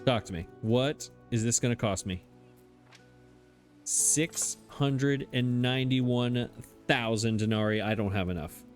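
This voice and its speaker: Guy rambling thru his city builder, laughs at himself a lot, mid pitch, soft game music under him. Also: a little slow. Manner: chatty, self-mocking, laughs often. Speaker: let's play host. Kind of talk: casual gameplay commentary.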